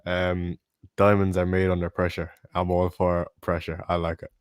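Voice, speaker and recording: A laid-back man with an Irish accent co-hosts a live stream, chatting easily. His voice is lowish and sounds dry and close, with no room echo. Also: completely flat delivery, moderate pace, clean tone. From Ireland. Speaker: co-host. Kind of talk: casual live stream chat.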